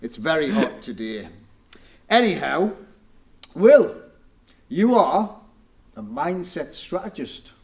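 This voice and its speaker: A man's voice: fairly high pitch, sing-song, slow, long pauses. A man hosting a business interview, teasing his guest. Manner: playful, teasing. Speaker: podcast host. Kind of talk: casual interview chat.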